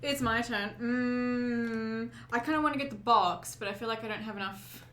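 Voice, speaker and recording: A woman's voice: fairly high pitch, steady tone, moderate pace, slight background noise. Playful woman player at a tabletop game. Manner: playful, giggly, often soft-spoken. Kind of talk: casual tabletop game chat. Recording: roomy echo.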